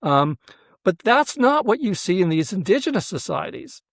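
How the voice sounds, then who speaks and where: A man's voice: sits high, sing-song, moderate pace, gravelly, fairly bright tone, no room sound, clean studio sound. A man, a professor, explaining his ideas earnestly in an interview, with frequent fillers and "right?" check-ins to the listener. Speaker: professor and researcher, interview guest.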